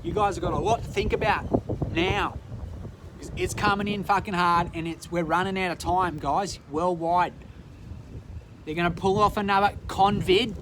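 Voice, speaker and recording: An Australian man talks straight into his phone in a raised, high voice, swearing hard and repeating himself for emphasis. The clip is recorded outdoors, with the drone of a boat motor and water clearly heard under his words. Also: steady tone, moderate pace, noisy background. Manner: profane, forceful, repetitive. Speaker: social media vlogger. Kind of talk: impassioned direct-to-camera rant.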